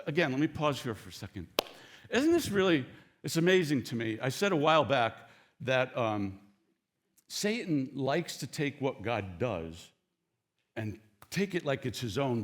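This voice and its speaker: A pastor preaching a sermon in a conversational storytelling way, acting out the quoted lines and breaking off to talk straight to the congregation. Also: male voice, medium pitch.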